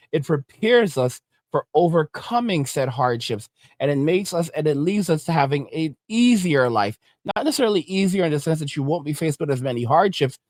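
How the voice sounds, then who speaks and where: A man rants and preaches as the host of an online commentary show, his voice sitting a little high for a man. He lectures with a mocking edge. The recording is dry and close, with no room sound. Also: no room sound.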